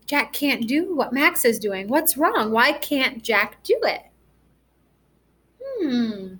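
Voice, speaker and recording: A woman teaching a first grade class through a recorded reading lesson, speaking gently and asking the children encouraging questions. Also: high voice, sing-song, slow, long pauses.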